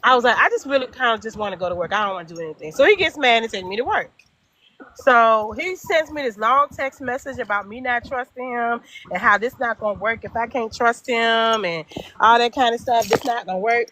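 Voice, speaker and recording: A middle-aged woman telling a personal story in casual chat, animated and emphatic, acting out both sides of the dialogue. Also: a little high, brisk, slight background noise. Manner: emphatic repetition. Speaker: guest storyteller.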